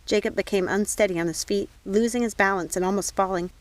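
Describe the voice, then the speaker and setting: Woman reading an audiobook, measured. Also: medium pitch, no room sound. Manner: even, measured storytelling. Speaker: audiobook reader. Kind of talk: audiobook narration.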